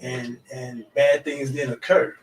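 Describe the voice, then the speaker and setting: A man in casual group chat, explaining things in a measured, reflective way as a podcast co-host. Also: medium pitch, little pitch movement, reverberant, far from the mic, a little hiss or hum, low-quality recording.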